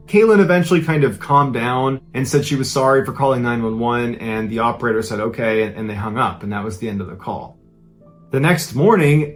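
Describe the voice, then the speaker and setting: A man narrating a true-crime story in a dramatic, conversational retelling. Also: medium pitch.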